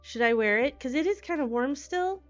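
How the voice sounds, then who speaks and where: A woman streams live from home and chats casually with her viewers. Her voice sits a little high, and she is bubbly and easily sidetracked. The audio is dull and lo-fi, with faint music playing behind her. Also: animated, normal speed. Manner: bubbly, scattered, often squeals greetings. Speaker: streamer greeting chat.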